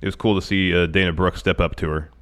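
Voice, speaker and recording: A man's voice: low voice, steady tone, fast talker, fairly bright tone. A man with a stuffy, congested cold, co-hosting a casual wrestling podcast in a matter-of-fact way. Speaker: podcast co-host.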